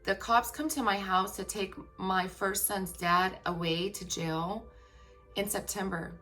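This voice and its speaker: A woman's voice: medium pitch, fairly even intonation, unhurried, bright, forceful tone, soft background music. A woman in her thirties or forties telling a personal story to camera in a candid, rambling way, repeating herself and swearing casually. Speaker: tarot vlogger.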